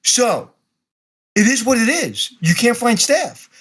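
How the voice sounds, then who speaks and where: A man's voice: very high-pitched, sing-song, takes it slowly, a bit bright, husky. A man from Brooklyn, a podcast guest talking bluntly and directly and acting out bits of dialogue. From Brooklyn, New York. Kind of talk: casual interview conversation.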